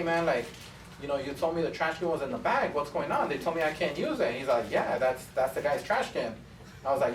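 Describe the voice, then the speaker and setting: Barbershop owner teaching students, storyteller type, slightly high voice, off-mic in a roomy space. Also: male voice, a bit bright, slight background noise. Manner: chatty storyteller, acts out both sides of conversations. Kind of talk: casual classroom talk with anecdotes. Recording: echoey room from a distance.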